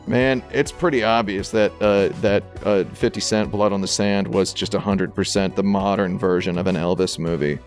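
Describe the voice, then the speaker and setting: A man's voice: low-pitched, fairly even intonation, moderate pace, few pauses, faint music behind. A man on a game podcast panel, talking in casual, rambling, jokey tangents. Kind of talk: casual chat.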